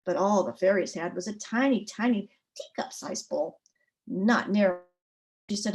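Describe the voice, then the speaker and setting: A woman storyteller tells a folk tale with an expressive, rhythmic cadence. Her voice sits at a middle pitch, neither high nor low. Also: moderate pace. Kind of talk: oral folk tale telling.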